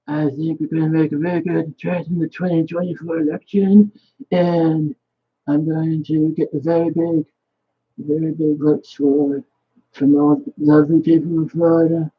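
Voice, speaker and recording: A man's voice: fairly high pitch, normal speed, vocal fry, lo-fi sound, a little hiss or hum, voice pushed up. A man putting on an impression of a boastful older male politician, bragging with repeated superlatives.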